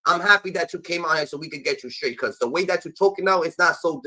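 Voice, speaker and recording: Brief: man, high bright voice, profane rambling stream host who trails off mid-thought. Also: fast talker, low-quality recording. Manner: profane, scolding. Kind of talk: heated casual live-stream talk.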